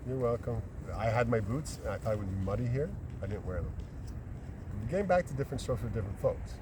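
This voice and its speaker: A man's voice: mid-range voice, animated, quick pace. A man being interviewed as a council candidate in casual outdoor chat, talking in a jokey, rambling way. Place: outdoors on a bluff by the lake. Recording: distant mic outdoors with ambient noise.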